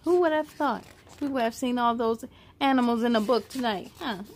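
A young adult woman reading a children's story aloud, expressive, with chatty asides to the kids. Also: fairly high pitch, moderate pace, a little hiss or hum.

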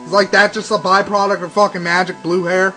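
A man's voice: high voice, flat delivery, brisk, bright, forceful tone, low-quality recording. A young man doing profane, sarcastic let's play commentary, ranting and swearing constantly. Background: game music.

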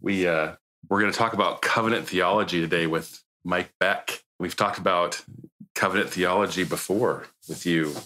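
A man's voice: deep voice, moderate pace, sharp tone. A man hosting a weekly podcast, welcoming listeners and introducing a returning guest in an upbeat, friendly way. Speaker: podcast host. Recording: intro with music behind.

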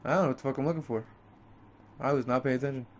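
A man playing a video game and commenting on it, frustrated and swearing a lot, his voice jumping up when he snaps. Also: very fast. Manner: frustrated, heavy swearing, pitch jumps up in outbursts. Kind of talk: let's play commentary.

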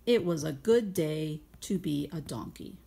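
Slow, breathy woman teacher reading aloud. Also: sits low, expressive. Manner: gentle, guiding questions, patient explaining. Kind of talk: reading a picture book aloud to children. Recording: home video lesson.

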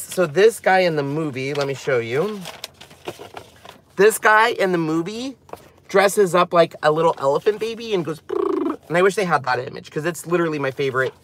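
A man presenting a craft channel, chatting casually and rambling excitedly as he walks through a product. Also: fairly high pitch.

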